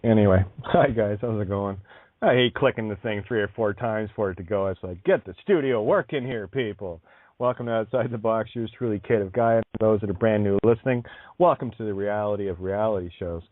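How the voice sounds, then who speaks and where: A man's voice: fairly low pitch, fairly quick, no echo. A man hosting an internet radio show, talking bluntly with swearing, laughing and restarting as he goes. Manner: blunt, profane, emphatic. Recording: tinny phone-like sound, dry.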